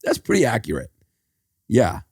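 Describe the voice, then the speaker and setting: A man guesting on a podcast in casual comedic chat, with crude jokes and deadpan asides. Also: lowish voice, moderate pace, creaky, husky, no room sound, studio quality.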